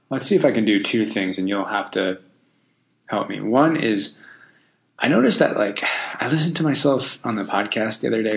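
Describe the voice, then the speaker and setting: Gravelly low-voiced man musing on a podcast. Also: fairly bright tone. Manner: thinking aloud, loose and self-deprecating; frequent ums and restarts. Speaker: podcast host. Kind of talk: casual solo podcast talk.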